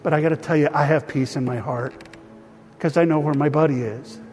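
A man pastor preaches and prays before his church, earnest and still emotional. His voice sits a little high. The sound rings with the long reverb of a large hall. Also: steady tone, brisk, a little mellow. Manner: earnest, emotional, speaks of grief and peace. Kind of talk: sermon with prayer.

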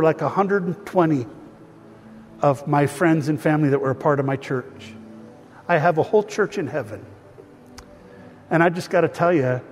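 A man pastor preaches and prays before his church, earnest and still emotional. His voice sits a little high. The sound rings with the long reverb of a large hall. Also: darkish tone, slight background noise. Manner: earnest, emotional, speaks of grief and peace. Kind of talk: sermon with prayer.

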